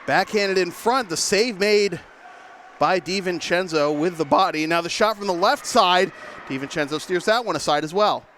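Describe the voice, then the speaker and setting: Breathless young hockey announcer. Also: male voice, fairly high pitch, a little hiss or hum. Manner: quick, energetic play-by-play delivery. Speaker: play-by-play commentator. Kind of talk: live sports commentary. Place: rink press box.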